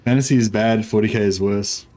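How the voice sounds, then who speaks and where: A man's voice: lowish voice, steady tone, a little fast, dark tone. A man casually commentating a livestream of a strategy game, rambling with many fillers and restarts. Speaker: streamer.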